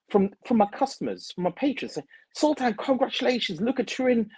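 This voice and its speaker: A man, a perfumer, telling a story in an interview, halting with many fillers and restarts. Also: on the high side, darkish tone, no room sound, low-quality recording.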